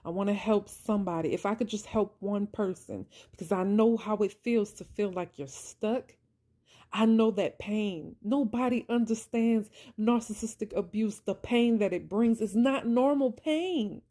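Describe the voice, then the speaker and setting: In a mid-range, dark voice at normal speed, a vlogger passionately shares how faith carried her through abuse. She repeats points the way a preacher would and keeps saying "y'all" to her audience. Her heartfelt monologue wears her voice thin, and she sounds close to crying.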